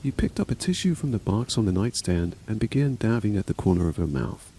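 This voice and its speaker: A man reads a horror story aloud in a dark, mellow voice with a lively, rising and falling delivery. He takes every part himself, pitching up a little for the frightened daughter. Faint rain patters behind him. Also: fairly quick, a little hiss or hum, rough recording. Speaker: narrator. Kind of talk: scripted horror story narration.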